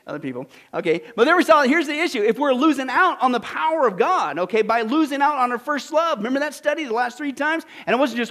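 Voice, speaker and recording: A man preaching a sermon to a congregation, telling a joke story and then teaching with lively, punchy exclamations. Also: very high-pitched, fast, few pauses. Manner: animated, jokey, punchy exclamations. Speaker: pastor.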